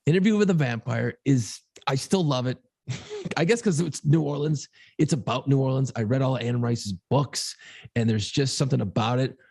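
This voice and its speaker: Male podcast co-host, easygoing rambler, gravelly husky voice. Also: medium pitch, moderate pace, a little mellow, no room sound, studio quality. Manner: rambling, easygoing, swears casually. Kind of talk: casual chat about movies.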